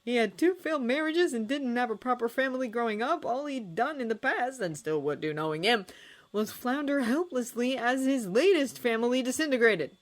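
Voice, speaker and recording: A woman narrating fan fiction as an expressive, dramatic audiobook reading. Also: on the high side, normal speed. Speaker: fanfiction reader.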